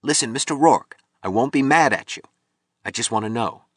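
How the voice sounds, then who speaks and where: Male reader doing a bitter, wounded young sculptor, higher and tense, audiobook. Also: very animated, normal speed, a bit bright, no room sound, clean studio sound. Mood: pleading. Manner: pleading, suspicious, voice cracking. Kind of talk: audiobook reading.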